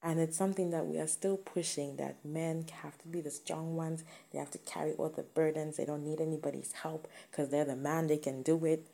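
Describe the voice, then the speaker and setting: A woman's voice: sits low, fairly even intonation, brisk, gravelly, hardly any pauses, dark tone. A woman giving an earnest, emphatic motivational talk to camera, repeating her key points.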